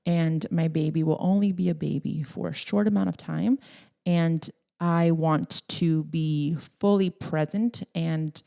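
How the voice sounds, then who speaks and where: A woman's voice: low-pitched, steady tone, unhurried, vocal fry, dark tone. A young woman hosting a solo podcast in a casual, rambling, emotional way, laughing often and tearing up at times. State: tearful at times. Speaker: podcast host.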